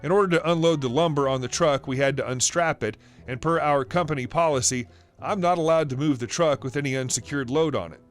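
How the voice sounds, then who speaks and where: A man's voice: a little high, a little fast, soft background music, natural voice. A man reading a smug, polite truck driver. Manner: politely smug, mock-apologetic. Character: grinning male lumber truck driver.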